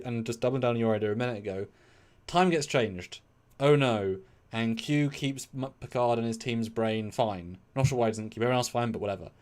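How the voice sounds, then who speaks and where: Male co-host, mid-pitched voice, excitable and rambling, casual live chat. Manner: excitable, rambling, jumps into high-pitched bursts. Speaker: co-host of a live discussion show.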